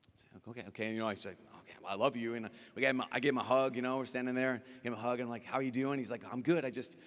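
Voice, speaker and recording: A man, a priest speaking at a youth conference, giving a lively talk and acting out dialogue as he tells stories. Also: mid-range voice, rapid-fire. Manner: animated storyteller acting out dialogue. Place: large conference hall. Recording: long hall reverb.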